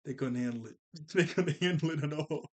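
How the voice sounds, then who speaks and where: A man's voice: a little high, brisk. A man recapping a movie in casual chat, rambling with lots of "like" and "you know" and chuckling often. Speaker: movie commentary vlogger.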